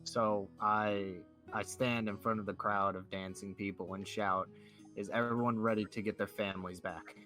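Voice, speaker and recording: Lowish guy player saying what his character does, eager, faint music going. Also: fairly even intonation, moderate pace, pushed and bright. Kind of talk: casual tabletop play.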